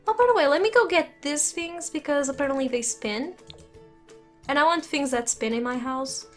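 A woman's voice: sits high, normal speed, soft background music. A young woman casually commenting on her life-sim game, giggling often and talking to the characters and to her viewers. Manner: giggly, chatty, laughs often. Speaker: gaming channel host. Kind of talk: casual let's-play commentary. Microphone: desk condenser mic.

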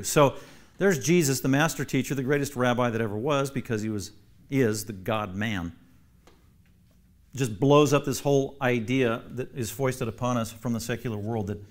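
A man, a pastor, teaching a Bible class, emphatic and repeating key phrases for stress while asking the class questions. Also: mid-range voice.

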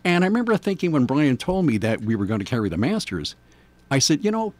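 An older New York man with a local accent hosts a morning radio show, chatting in a rambling, self-deprecating way. His mid-range voice has a sing-song lilt and a quick pace, captured in a dry recording.

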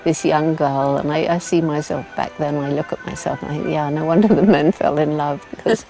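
A woman's voice: sits low, fairly even intonation, fairly quick, creaky, dark tone, soft background music, rough recording. A woman in her seventies, interviewed outdoors in a forest, who laughs often as she tells stories. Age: 70s. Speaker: interviewee, primatologist. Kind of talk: casual interview answers.

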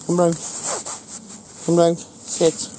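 A man's voice: a little high, completely flat delivery, drawn-out words, warm tone, slight background noise, rough recording. A middle-aged man with a Northern English accent, giving short, repeated commands to his dog outdoors in a casual vlog. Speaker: dog owner vlogger.

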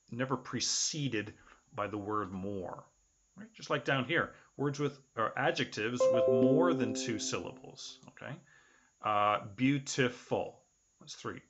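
A man teaching an English lecture, explaining patiently and filling his pauses with "okay" and "uh". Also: lowish voice, pushed and bright, dull audio. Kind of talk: recorded online lecture.

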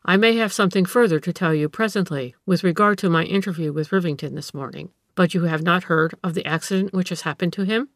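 A woman voicing a gentleman man of science who speaks earnestly and bluntly. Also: on the low side, no room sound, studio quality, close to an everyday voice. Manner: measured, blunt.

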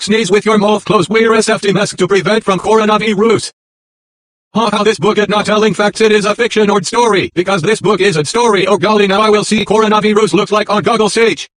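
A male channel host rambling excitably through a reading and his own commentary, exclaiming over and over, with the playback sped up. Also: sits high. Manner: excitable, keeps exclaiming "oh golly".

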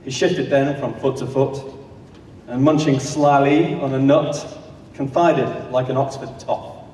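Mellow man narrating rhyming comic verse. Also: mid-range voice, fairly even intonation, a little slow, a little hiss or hum. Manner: rhythmic storytelling in rhyme. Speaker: comic performer. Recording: echoey hall from a distance.

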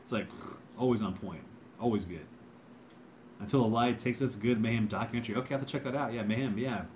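Laid-back male livestream host, lowish voice, faint crickets behind. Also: fast talker, a little mellow, a little hiss or hum. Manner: laid-back, rambling, says bro and dude a lot. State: drinking beer. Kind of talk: casual livestream chat.

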